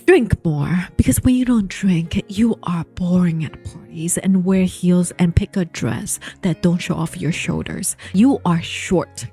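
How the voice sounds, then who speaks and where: A woman's voice: on the low side, a little slow, hardly any pauses, warm tone, slightly rough, faint music behind. A woman voicing a cold, controlling wealthy husband in a curt, demanding tone during a book storytime.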